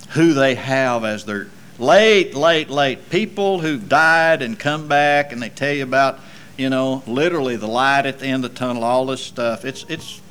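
A man preaching a sermon, swinging between loud emphatic passages and low, quiet asides. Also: slight background noise. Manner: slow deliberate delivery with folksy asides.

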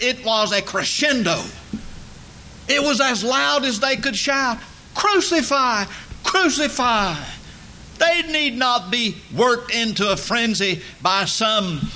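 A man preaching a sermon, emphatic and building to loud dramatic peaks. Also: high voice, slight background noise.

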